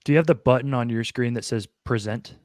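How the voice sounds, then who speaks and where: A male host speaks in brief, low-key replies during a video call interview. His voice sits at an ordinary pitch, and the sound is dry, with no room around it. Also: fast, a little mellow, no echo.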